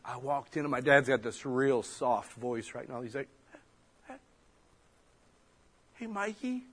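A man preaching a sermon in a plain, conversational way. He talks straight to the congregation, stressing points loudly and then falling quiet and soft. His pitch sits in an ordinary middle range. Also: steady tone, normal speed, slightly rough. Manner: conversational preaching, swinging between loud emphasis and soft near-whispers. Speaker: pastor.

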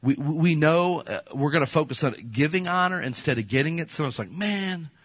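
A man preaching a sermon as a pastor, folksy and animated, often slipping into playful quoted voices. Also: fairly high pitch, brisk, slightly rough, no room sound.

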